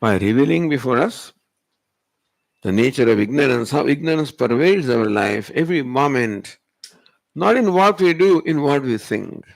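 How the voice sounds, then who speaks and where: With a creaky, mid-range voice, a male spiritual teacher presses his audience through rhetorical questions during a Vedanta talk at a retreat hall. The recording is dry, with no room sound.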